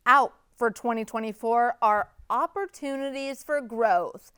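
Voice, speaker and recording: A woman in her twenties hosting a student TV show, delivering a scripted comedic monologue with deadpan sarcasm. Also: on the high side, measured pace, hardly any pauses, smooth, no echo, studio quality. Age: 20s.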